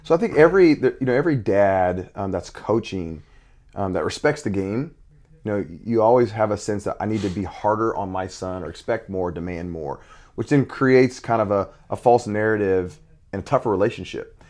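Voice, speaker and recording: A man's voice: lowish voice, moderate pace, darkish tone. A middle-aged man, a basketball coach and father, talking intensely in casual conversation with many restarts.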